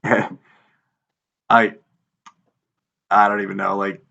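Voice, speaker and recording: A man in his thirties with a gravelly, fry-laden voice sitting slightly low in pitch, co-hosting a casual podcast chat. He tells stories animatedly and acts out quotes with exasperation. The audio sounds dull and lo-fi. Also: level tone, slow pace, pushed and bright. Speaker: podcast co-host.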